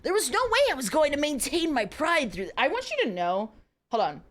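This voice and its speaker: A young woman streams herself reading spicy fiction aloud, her high voice very lively and a little fast. Her pitch rises and falls dramatically, and she keeps pausing to giggle and say sorry.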